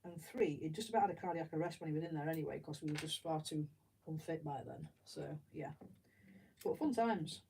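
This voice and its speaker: A woman's voice: low voice, expressive, brisk, vocal fry, mellow, recorded from a distance, a little hiss or hum, poor audio. A middle-aged woman with an English accent, chatting and telling rambling stories as she builds, laughing often. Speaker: streamer. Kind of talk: casual chat while building. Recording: voice a bit away from the mic.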